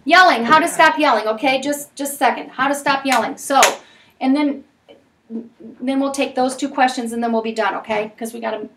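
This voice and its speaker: A woman's voice: sits high, fairly quick, a bit bright, recorded from a distance, a little hiss or hum. A woman leading a parenting class for people in recovery, talking frankly and emphatically with many tag questions. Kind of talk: recovery group lesson. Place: meeting room with group.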